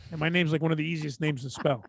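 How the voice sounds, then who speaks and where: A man with a thick Brooklyn accent chats on a podcast in a high, up-front voice. The sound is dry and close. He tells stories with plenty of cursing and acts out the voices in them. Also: very fast, vocal fry, no echo. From Brooklyn, New York. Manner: animated storyteller, swears freely, acts out both sides of conversations. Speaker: podcast co-host. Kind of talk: casual chat.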